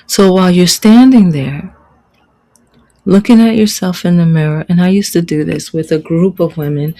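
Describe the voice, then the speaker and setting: A woman's voice: fairly low pitch, normal speed, mellow, low-quality recording. A middle-aged woman life coach teaching a motivational online lesson, preaching and repeating her key phrases for emphasis.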